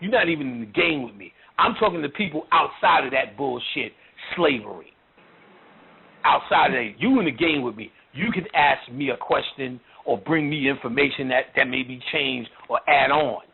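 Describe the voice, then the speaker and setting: A lecturer on occult and spiritual topics gives a blunt, mocking lecture loaded with profanity and street slang. His medium-pitched voice is creaky and husky at a moderate pace, and it comes over a tinny, phone-like line with faint noise.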